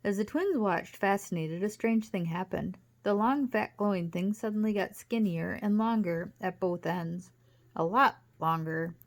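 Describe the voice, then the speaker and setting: A woman reading a children's chapter book aloud with lively storytelling. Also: mid-range voice, unhurried. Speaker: audiobook reader.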